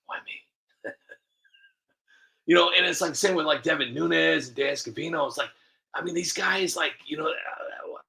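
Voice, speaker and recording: Creaky, bright-voiced man rambling. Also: a little high, normal speed, pauses often. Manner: rambling, many restarts and fillers, laughs at himself. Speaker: video creator. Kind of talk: casual rambling monologue.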